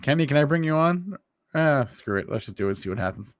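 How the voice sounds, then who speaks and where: A man co-hosting a stock market show, talking in a laid-back, halting way with many fillers. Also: a little high, expressive, no room sound, clean studio sound. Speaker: co-host. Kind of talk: casual market chat.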